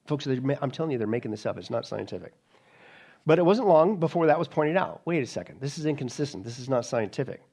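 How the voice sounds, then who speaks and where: Animated, mocking male preacher. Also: mid-range voice, quick pace, vocal fry, breathy edge. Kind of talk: sermon with mocking asides.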